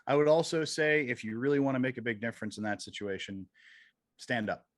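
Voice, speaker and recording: A man's voice: medium pitch, brisk, dry recording, clean studio sound. A man voice coach giving frank, emphatic advice about posture and breath. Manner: frank, emphatic, agrees often. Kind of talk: casual coaching chat.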